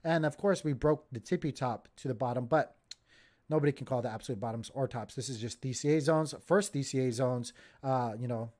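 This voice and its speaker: A man hosting a casual crypto livestream, giving excitable, jokey market commentary straight to his viewers. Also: mid-range voice, fairly quick.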